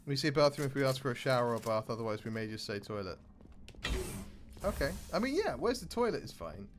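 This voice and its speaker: A man with a British accent chats through a game as a streamer, tossing out joking asides. His voice sits at a middle pitch. Game music plays clearly behind him. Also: very animated, fairly quick. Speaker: gaming streamer. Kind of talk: casual let's play commentary.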